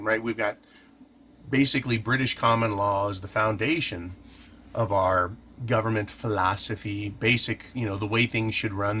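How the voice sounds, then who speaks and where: A man's voice: medium pitch, pushed and bright, a little hiss or hum. Man musing aloud, asking and answering himself. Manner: conversational, asks and answers his own questions. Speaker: host. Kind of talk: casual commentary.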